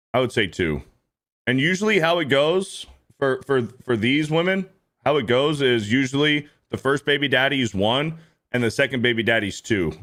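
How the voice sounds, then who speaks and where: A man in his thirties hosting a stream, ranting in casual, profane reaction commentary and repeating himself often. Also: medium pitch. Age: 30s. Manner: animated, repetitive, profane ranting. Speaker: streamer host reacting to clips.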